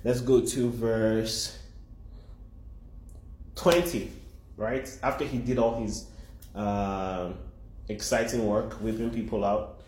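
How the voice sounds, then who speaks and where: A man preaching a sermon in an animated way, repeating phrases for emphasis. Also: on the low side, takes it slowly, long pauses, reverberant, slight background noise.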